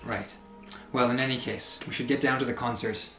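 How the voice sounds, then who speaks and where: A game master describes scenes at an easy, halting pace, full of small fillers. The voice rings a bit in a roomy space. Faint music plays underneath. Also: medium pitch. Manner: relaxed, hesitant narration with many fillers. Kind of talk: narrating a tabletop game.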